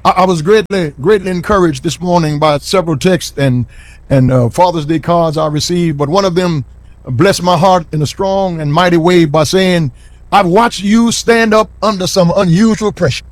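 A middle-aged man preaching a sermon in a church, repeating lines and building to shouts. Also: high voice, normal speed, dry recording. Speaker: pastor. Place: church sanctuary.

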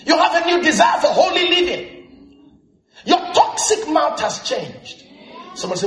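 A man preaching a sermon as pastor, asking the congregation if they are listening and breaking into shouted emphasis, recorded in a church. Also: very high-pitched, measured pace. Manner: lively preaching with frequent call-and-response questions to the congregation; frequent bursts of shouted emphasis. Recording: roomy echo of a church hall.

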